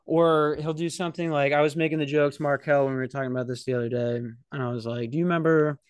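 A young man hosting a podcast, rambling through stories in an animated, profane way. His voice sits at an ordinary middle pitch, and the recording is dry and close with no room sound. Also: fast talker, clear, resonant tone, no echo. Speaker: podcast host. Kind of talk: casual storytelling. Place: security office at night.

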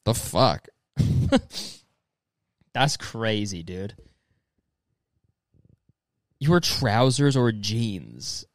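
With a fairly low, animated voice, a young man reads messages aloud very slowly and riffs on them in casual comedic commentary, pausing often. He rambles profanely, says "dude" constantly, and slips into exaggerated, mocking quoted voices, all recorded with no echo.

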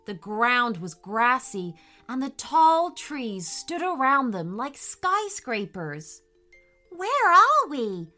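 Woman, storybook narrator, bright voice, unhurried, upbeat, talks to kids. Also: a little high, soft background music. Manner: upbeat, lively, addressing kids directly. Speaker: host and storyteller.

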